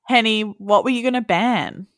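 A woman's voice: a little high, normal speed, a bit bright, dry recording. A woman co-hosting a podcast, bubbly and jokey, laughing a lot. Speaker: podcast co-host. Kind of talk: casual podcast chat.

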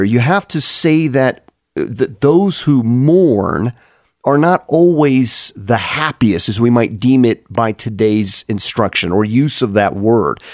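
A man's voice: medium pitch, a little mellow, no room sound. Earnest male preacher, dry close sound. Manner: earnest, explanatory, with frequent restarts. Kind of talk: sermon Bible teaching.

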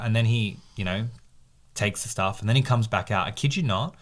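A man co-hosting a podcast, telling a story in a lively, casual way with quick asides. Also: on the low side. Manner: animated storyteller, quick asides and reenacted quotes. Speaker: podcast co-host.

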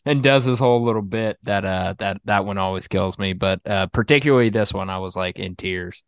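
Deeper guy chilling in a movie podcast, easygoing, dry close sound. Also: a little fast, hardly any pauses, smooth, no echo. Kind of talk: casual movie review chat.

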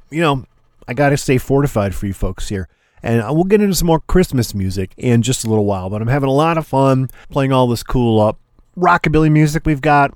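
A man spinning records on a rockabilly radio show, talking in an easygoing, slangy way between songs. His voice sits at an ordinary middle pitch. It is recorded close and dry, with no room sound. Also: a little mellow, no echo. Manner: laid-back, slangy hipster patter. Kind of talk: casual radio show chat.

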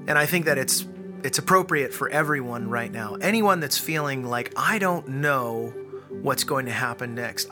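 A man's voice: mid-range voice, bright, forceful tone. A man in his thirties giving an earnest devotional talk that builds to emphatic peaks. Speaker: guest speaker.

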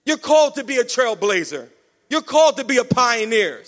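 A man preaching a sermon with energetic call-and-response, urging the congregation to answer back. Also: extremely high pitch, moderate pace. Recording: long hall reverb.

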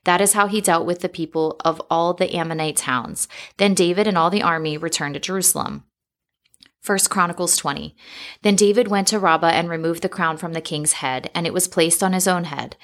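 A woman reading scripture passages in a steady, measured storytelling manner. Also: lowish voice. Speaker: scripture reader.

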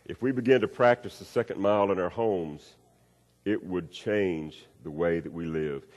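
A man preaching a sermon, acting out a story with swings between loud and hushed delivery. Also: normal speed. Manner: storytelling with acted-out voices, wide swings in pitch and loudness. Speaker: pastor. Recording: long reverb of a hall.

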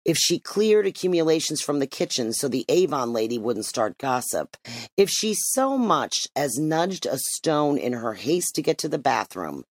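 Expressive storybook narrator, dry close sound. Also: mid-range voice, moderate pace, no room sound. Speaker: audiobook narrator.

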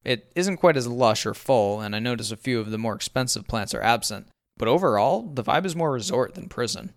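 Young male narrator for a first-person story; wry, even delivery, low pitch. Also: clear, resonant tone.

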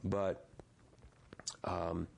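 A man in his sixties telling a personal story as an interview guest, halting often and repeating words as he restarts. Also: low-pitched, monotone, vocal fry, darkish tone, a little hiss or hum. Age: 60s.

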